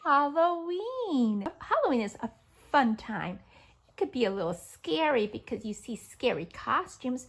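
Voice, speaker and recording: A woman's voice: high voice, a bit bright, slightly rough. A woman hosting a preschool show, talking to toddlers in an exaggerated, sing-song way as she teaches and reads aloud. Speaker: children's show host.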